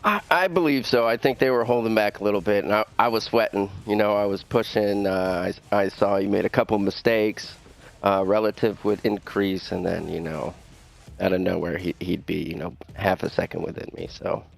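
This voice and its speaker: A man being interviewed after a race, halting and full of fillers and restarts. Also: on the low side, creaky. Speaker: racing driver.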